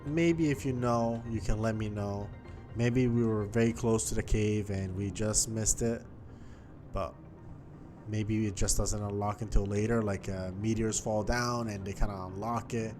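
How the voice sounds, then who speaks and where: A man's voice: on the low side, steady tone, a little slow, music in the background. Chatty man narrating his gameplay. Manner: chatty, thinking aloud, talks to the game world. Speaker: gaming YouTuber. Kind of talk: casual gameplay commentary.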